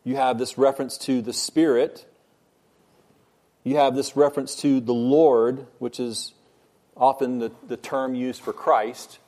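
Male Bible study teacher, mid-pitched, measured and earnest, leans on repetition for emphasis. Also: mellow.

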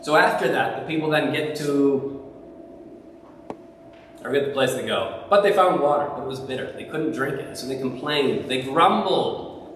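A man's voice: mid-range voice, normal speed, a bit bright, far from the mic, a little hiss or hum. Man preaching in an echoey hall. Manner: conversational preaching with questions to the congregation. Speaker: pastor. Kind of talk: sermon.

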